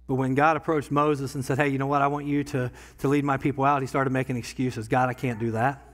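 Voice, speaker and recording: A pastor preaching a sermon in a church, talking conversationally and swinging from quiet asides to loud bursts. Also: male voice, medium pitch, level tone, fast talker. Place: church sanctuary.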